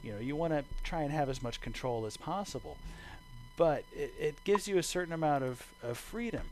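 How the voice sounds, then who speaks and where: A man teaching a bass lesson over a video call, relaxed and rambling, thinking aloud with fillers. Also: normal speed, slight background noise, low-quality recording. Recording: bass guitar playing behind him.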